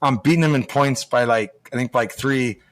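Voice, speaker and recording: A former hockey player, an American man appearing as a guest, tells long, loose stories at a moderate pace in an easy, mid-pitched voice. He rambles, repeatedly stops and restarts, and acts out what other people said.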